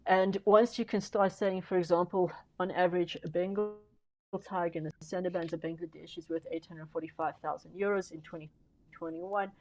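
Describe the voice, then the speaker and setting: A woman's voice: lowish voice, steady tone, a little fast, low-quality recording. A woman speaking on a conference panel, making her case emphatically and persuasively, stressing key words and often restarting her sentences. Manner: frequent fillers and restarts.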